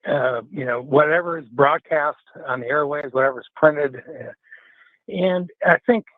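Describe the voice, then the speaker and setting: A man calling in to a radio show, earnest and halting, with many fillers, heard over a tinny phone line. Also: a little high, no room sound. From Wisconsin. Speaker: caller. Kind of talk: call-in radio comment.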